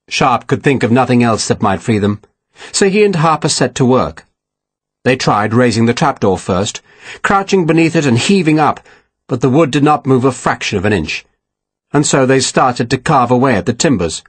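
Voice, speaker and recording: A man reads an audiobook in a husky voice with a lot of rise and fall in pitch. The sound is dry and close, and his telling is steady and expressive. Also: moderate pace, dry recording. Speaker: audiobook narrator. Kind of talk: scripted narration.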